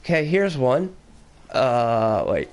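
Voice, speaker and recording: A young man chats on a casual podcast, rambling from one story to the next with animated bursts. His voice carries a gravelly edge. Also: mid-range voice, slow. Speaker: podcast host. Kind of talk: casual chat.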